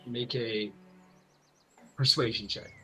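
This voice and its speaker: A man's voice: medium pitch, fairly even intonation, takes it slowly, a bit bright, slightly rough, faint music behind, poor audio. A man narrating a tabletop game as game master, in a loose, rambling way full of fillers. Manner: loose, filler-heavy, many "like"s.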